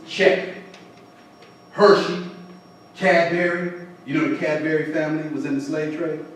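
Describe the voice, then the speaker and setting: A male professor lectures with a preacher's rhythm, stacking items and hammering a one-word refrain. His voice sits a little high for a man. It was recorded from a distance in a very echoey hall, with faint room noise. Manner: preacherly call-and-response cadence, punchy repeated refrains. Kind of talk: lecture to a community audience.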